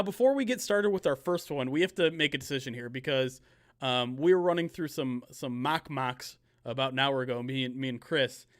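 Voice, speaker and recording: A man's voice: medium pitch, a bit bright. Male streamer host, loose rambling delivery, video-call sound. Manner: rambling, filler-heavy, quick bursts. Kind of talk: live-stream casual chat.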